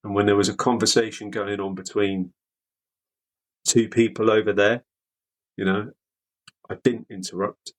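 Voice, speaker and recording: A man from the UK, a veteran guest, speaking candidly in an interview with halting, repeated words. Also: on the low side, flat delivery, poor audio. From United Kingdom.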